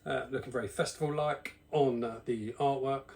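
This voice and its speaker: A man's voice: mid-range voice, fairly even intonation, moderate pace, gravelly, a little mellow. Chatty British-based man reviewing beer. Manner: chatty, rambling, self-deprecating asides. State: slightly out of breath. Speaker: beer reviewer, channel host. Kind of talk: casual spoken beer review.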